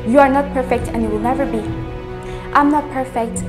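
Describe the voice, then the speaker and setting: A woman's voice: high voice, steady tone, a little fast. A woman host gives an earnest, emphatic motivational talk and repeats key words for stress. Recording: music playing underneath. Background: music.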